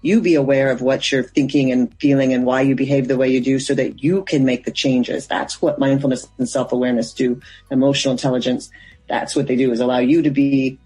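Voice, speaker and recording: A woman mindfulness coach answers interview questions in a husky, slightly breathy voice. She explains earnestly and loosely, trailing into fillers as she thinks aloud, while faint music sits underneath. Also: very deep voice, dark tone, low-quality recording.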